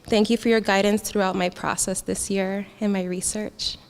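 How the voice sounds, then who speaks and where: A young woman gives a graduation speech in a hall with a long, ringing reverb. She talks in a heartfelt way, with frequent small laughs. Her pitch sits in the middle for a woman. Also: level tone, normal speed, gravelly, clear, resonant tone. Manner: heartfelt, laughs often, gets emotional. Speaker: graduating student speaker.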